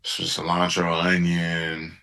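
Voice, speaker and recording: A young man in his twenties, a football player guest, talking in a laid-back, halting way with lots of "like". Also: deep voice, monotone, creaky, pushed and bright, distant mic. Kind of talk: casual interview.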